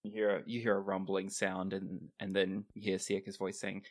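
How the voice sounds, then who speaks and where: A game master narrating a tabletop role-playing game in a relaxed, descriptive way. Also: low voice, normal speed.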